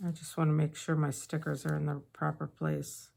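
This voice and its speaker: A woman chatting casually while decorating her planner, telling a story with soft asides. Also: sits low, completely flat delivery, normal speed, vocal fry. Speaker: planner vlogger. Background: faint paper crinkling and sticker sounds.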